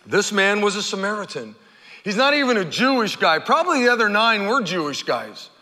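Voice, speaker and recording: A man preaching from the pulpit, his voice bright and high-pitched. He tells the story with lively energy and acts out the characters' cries, and his words ring with a long reverb in a large hall. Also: a little fast. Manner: animated storytelling, acting out the characters' shouts. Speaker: pastor. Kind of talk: sermon.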